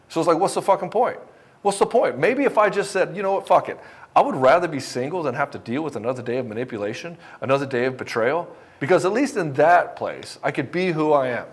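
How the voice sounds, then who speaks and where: A middle-aged man coaching divorced men, speaking bluntly and passionately with frequent swearing, sometimes acting out both sides of a conversation. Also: fairly high pitch. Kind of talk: direct-to-camera motivational talk.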